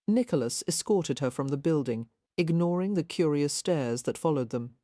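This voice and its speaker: A woman narrating a historical romance audiobook in a measured, even reading. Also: low voice, no room sound, clean studio sound.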